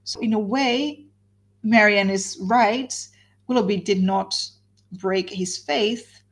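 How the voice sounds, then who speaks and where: A woman with a breathy, husky voice leads a guided reading lesson. She explains the story and rephrases it plainly for her group. Her pitch sits at a middle level. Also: takes it slowly. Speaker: host leading a reading group.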